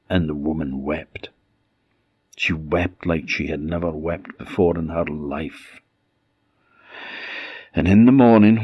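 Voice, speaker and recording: Male folk-tale narrator, slow and solemn, dry close sound. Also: sits low, breathy edge, dry recording, lo-fi sound. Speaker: storyteller.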